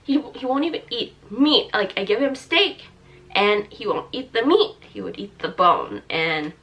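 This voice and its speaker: A young woman in her twenties speaks to camera in a bright voice, halting with fillers and restarts. She sounds tearful and her throat is thick with mucus, so she clears it now and then. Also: medium pitch, lively intonation. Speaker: vlogger. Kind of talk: personal talk to camera.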